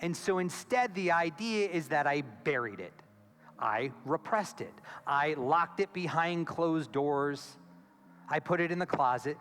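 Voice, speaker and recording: A man giving a conference keynote as a therapist, animated and acting out quoted voices, on a stage mic in a large hall. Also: a little high, unhurried, clean tone. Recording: long hall reverb with faint music.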